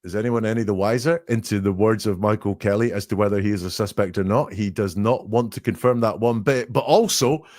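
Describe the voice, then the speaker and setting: Male podcast host, lowish register, dry close sound; analytical commentator who quotes and dissects. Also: fairly quick, few pauses, a little mellow, dry recording. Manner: analytical, quotes lines then picks them apart. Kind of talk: commentary analyzing interview clips.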